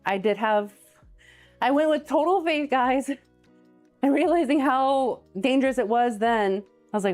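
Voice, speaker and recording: A woman's voice: on the high side, measured pace, soft background music. A woman hosting a live cooking stream, chatting casually and telling stories while she cooks and reads viewer comments aloud.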